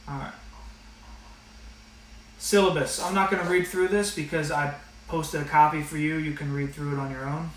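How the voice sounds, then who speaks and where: Teaching an online math class, a man explains the rules in a casual, direct manner full of fillers. His slightly high voice stays steady at a moderate pace with frequent pauses, captured in an echoey room on a somewhat distant mic with a little hiss or hum.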